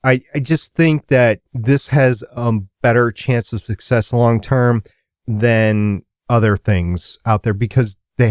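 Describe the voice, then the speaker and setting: A man's voice: medium pitch, darkish tone, no room sound, studio quality. A man hosting a fan podcast, talking casually and rambling with restarts. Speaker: podcast host.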